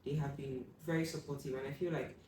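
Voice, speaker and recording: A young woman tells her story as an interview guest, slipping into quoted voices that jump loud and high. Her tone is mellow and dark. She sits back from the mic in a very echoey room with a faint hum behind her. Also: fast talker, distant mic. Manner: animated, acts out quoted voices with sudden loud high bursts.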